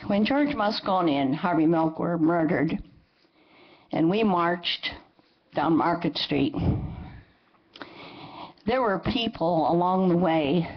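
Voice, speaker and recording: A woman's voice: lowish voice, breathy edge, lo-fi sound. A woman in her seventies giving impassioned public comment at a council meeting, indignant and emphatic, hammering her points by repetition. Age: 70s. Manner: indignant, emphatic, repeats phrases for force.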